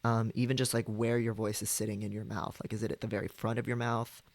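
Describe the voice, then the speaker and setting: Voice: mid-range voice, level tone, quick pace, no echo. Rambling streamer voice, dry close sound. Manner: rambling, frequent ums and likes. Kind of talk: casual chat with stream viewers.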